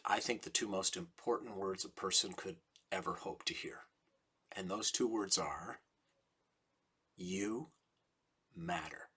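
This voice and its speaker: A middle-aged man, a rabbi, giving a slow, deliberate sermon with emphatic repetition. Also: low voice, sharp tone, husky. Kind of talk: recorded sermon message.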